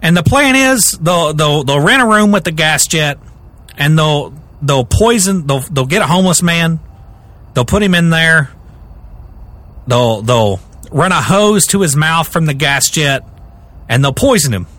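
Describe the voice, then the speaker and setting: A man hosting a podcast who tells a story in casual chat. His pitch sits fairly high and swoops around a lot as he talks, and his tone is bright and forceful. He is animated and often repeats himself as he starts a sentence. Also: a little slow. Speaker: podcast host.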